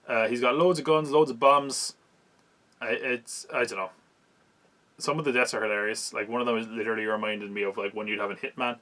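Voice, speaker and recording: A man's voice: medium pitch, fairly even intonation, fairly quick, bright, forceful tone. A man, hosting a podcast and recapping a film in casual, wry chat, laughing at it as he goes. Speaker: podcast host reviewing a film.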